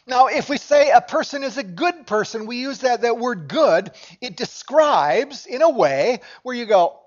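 A man's voice: extremely high pitch, animated, unhurried, lo-fi sound. A man preaching a sermon as pastor, talking in a conversational way and asking his congregation questions. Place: church sanctuary.

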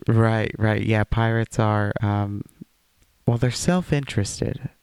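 A man's voice: lowish voice, steady tone, slow, vocal fry, a little mellow, clear, resonant tone, dry recording. A man co-hosting a podcast, chatting casually with rambling, jokey wordplay. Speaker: podcast co-host. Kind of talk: casual chat.

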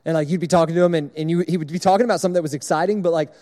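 Young man, sermon, high mellow voice, conversational, long hall reverb. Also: steady tone, very fast. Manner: conversational, illustrative, repetitive. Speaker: speaker at a church service.

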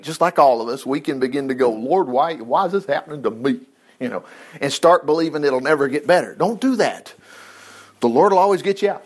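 A man gives a casual, folksy sermon. He reads scripture aloud and breaks in with his own comments. His voice sits high and swoops widely as he talks. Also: slightly rough. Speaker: preacher.

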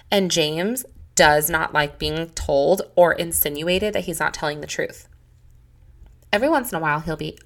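A woman's voice: fairly low pitch, a bit bright. A woman in her thirties hosting a solo Christian parenting podcast, talking earnestly and heartfelt, often acting out conversations with her children. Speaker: podcast host.

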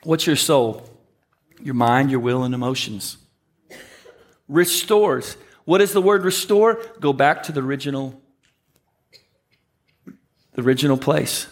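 A man preaching a sermon as pastor, conversational with slow, emphatic phrases. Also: mid-range voice.

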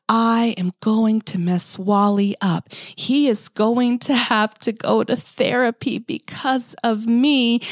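A woman hosts a faith podcast in an unhurried, gentle, heartfelt voice that sinks toward a whisper at tender moments. Her pitch sits in an ordinary middle range. The recording is dry and close, with no room sound. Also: dry recording. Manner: slow, soft-spoken and heartfelt, often near a whisper. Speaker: podcast host. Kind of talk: personal faith podcast monologue.

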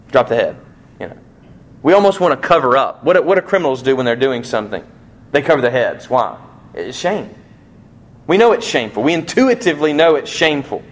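A man preaching a sermon in a conversational way, asking rhetorical questions and acting out quoted lines, slowing down to stress key points. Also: a little high. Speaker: pastor.

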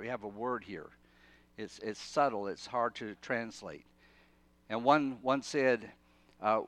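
A medium-pitched man preaches a sermon in church with real emphasis. He repeats and restarts phrases, swinging from urgent loudness to quiet.

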